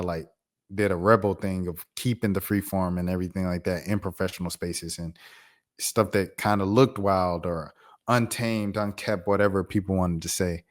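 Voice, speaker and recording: A young man from the United States giving laid-back, reflective commentary to his viewers in a casual vlog. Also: low voice. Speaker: vlogger.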